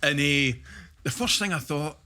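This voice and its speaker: Bright, lively Scottish man. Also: fairly high pitch, moderate pace, slight background noise. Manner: animated storyteller, laughs through his stories. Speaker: guest, former footballer. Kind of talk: casual podcast chat, anecdote telling.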